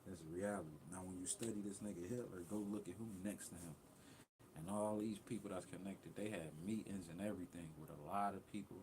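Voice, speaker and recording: A man's voice: low voice, fairly even intonation, fairly quick, background noise. A young man talking bluntly and profanely in a rambling livestream rant, jumping between thoughts. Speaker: livestream host.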